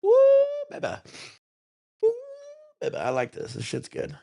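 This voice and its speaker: A man hosting a relaxed vlog, rambling and swearing freely in casual chat while high. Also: a little slow, creaky, no room sound, studio quality. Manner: rambling, profane, laid-back. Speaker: vlog host.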